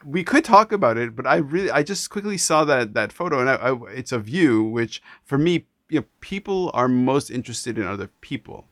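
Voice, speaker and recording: A man from Canada hosting a casual interview, animated and talking in quick restarts and repeated words. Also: medium pitch, no room sound, studio quality. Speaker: podcast host.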